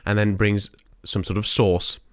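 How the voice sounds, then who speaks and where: A man's voice: on the low side, little pitch movement, unhurried, clear, resonant tone, no echo, studio quality. A young man co-hosting a podcast, telling stories in a rambling way and laughing often. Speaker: podcast co-host. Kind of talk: casual chat.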